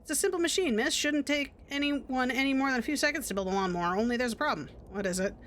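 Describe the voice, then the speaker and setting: A folksy male engineer from a video game speaks politely and plainly, as a woman reads him. He sounds easygoing. The voice sits fairly high. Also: fast talker, fairly bright tone, a little hiss or hum.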